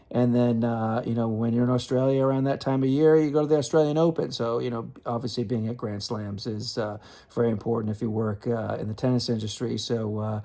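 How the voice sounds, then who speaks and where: Brief: male tennis writer, casual storyteller, rambling, mid pitch, lots of ums and restarts. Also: warm tone. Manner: rambling, many fillers and restarts.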